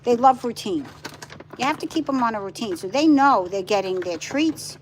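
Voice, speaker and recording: A woman's voice: fairly high pitch, lively intonation, normal speed, a little hiss or hum. A middle-aged woman chatting casually on a live stream at home, rambling and cooing to her dogs. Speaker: vlogger and pet rescuer. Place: home, indoors with pets.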